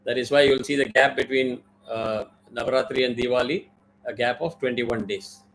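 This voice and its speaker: A man's voice: mid-range voice, fairly even intonation, fairly quick, fairly bright tone, a little hiss or hum, rough recording. A man teaching a mantra in an online class, with careful pronunciation drills and many fillers. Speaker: Vedic chanting teacher.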